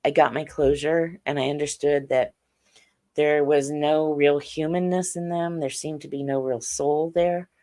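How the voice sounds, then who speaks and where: A woman's voice: sits low, steady tone, unhurried, mellow. A middle-aged woman, a podcast guest, telling her experiences in earnest detail. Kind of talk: interview on a podcast.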